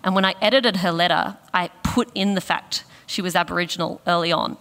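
A woman's voice: fairly low pitch, steady tone, brisk, gravelly, fairly bright tone, long reverb tail. An Australian woman speaking as a guest author in an interview, thoughtful and self-deprecating. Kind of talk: reflective conversational interview.

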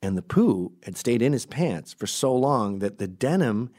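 A man's voice: medium pitch, big pitch swings, unhurried, a little mellow. A man rambling through a crude, digressive comic monologue, often breaking off to correct himself. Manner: crude, digressive, self-interrupting.

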